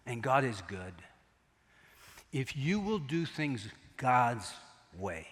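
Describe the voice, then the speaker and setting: A middle-aged man preaching a sermon, telling a story in an animated, joking way. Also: mid-range voice, slow, pauses often. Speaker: pastor. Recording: long echo of a large hall.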